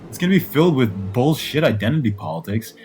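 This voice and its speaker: A man's voice: medium pitch, big pitch swings, quick pace, darkish tone, a little hiss or hum. A man ranting angrily about video games, swearing often and firing off rhetorical questions. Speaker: gaming commentator. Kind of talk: angry profane rant.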